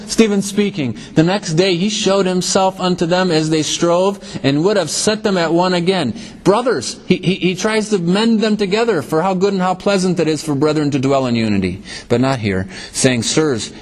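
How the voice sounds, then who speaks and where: A man with a high voice preaches from scripture. He reads verses, then explains them, often sinking low and then climbing back up to drive a point home. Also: moderate pace, few pauses. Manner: expository preaching with shifting emphasis, dropping low then rising. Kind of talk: sermon.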